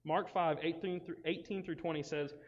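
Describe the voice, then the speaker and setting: A man gives a casual, animated youth sermon, acting out the voices of friends and Bible characters. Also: on the high side, moderate pace. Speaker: youth pastor. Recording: dull sound with long reverb in a hall.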